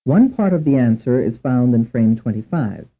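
Man, instructional narrator, measured and precise, lively intonation, tinny narrow-band sound. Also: medium pitch. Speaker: language course narrator.

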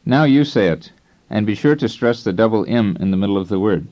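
A man narrating a scripted language lesson as instructor, in a calm, measured teaching tone. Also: on the low side. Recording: dull lo-fi tape recording.

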